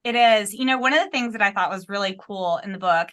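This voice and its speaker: A woman with a bright, forward voice hosts a podcast conversation. She retells scenes from a book with eager enthusiasm and speaks straight to the listeners. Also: mid-range voice, fast. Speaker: podcast host. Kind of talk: podcast interview.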